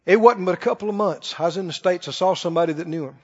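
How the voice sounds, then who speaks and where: A man's voice: sits high, very fast, a little mellow. A man preaching a sermon, emphatic and storytelling, repeating his key phrases. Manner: emphatic, repeats phrases, tells stories with laughter. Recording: dull lo-fi with long hall reverb.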